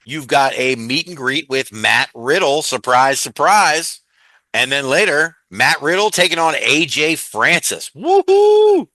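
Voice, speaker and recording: Man, Southern US accent, podcast host, upbeat chatty wrestling news, bright voice, dry close sound. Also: mid-range voice, moderate pace, hardly any pauses, dry recording. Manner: upbeat, laughs often, chatty with fillers. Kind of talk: casual wrestling news chat.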